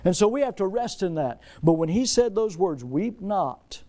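A male pastor preaching a sermon, shifting between loud, drawn-out emphasis and soft, low solemn lines. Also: animated. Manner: drops to soft, low tones for solemn points.

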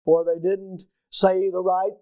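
A middle-aged male pastor preaching a sermon, emphatic and questioning his listeners, rising loud on key points. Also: high voice, level tone, takes it slowly, smooth, no echo, highs cut off.

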